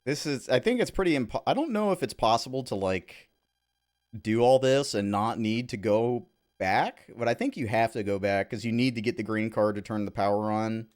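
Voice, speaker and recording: A man's voice: mid-range voice, moderate pace, darkish tone. A man from Southern California giving casual gameplay commentary as a streamer, with laid-back, rambling asides.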